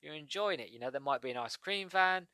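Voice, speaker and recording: A British man talks through his podcast in a chatty, rambling way, drifting from point to point. His tone is bright and clear. The sound is dry and close, with no room around it. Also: fairly high pitch, expressive, a little fast, no echo. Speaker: podcast host. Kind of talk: casual solo podcast monologue.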